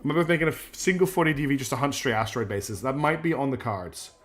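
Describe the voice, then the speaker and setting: A man's voice: mid-range voice, fast. A man streaming a strategy game, chatty and self-deprecating, thinking aloud as he plays. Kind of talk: live gameplay commentary.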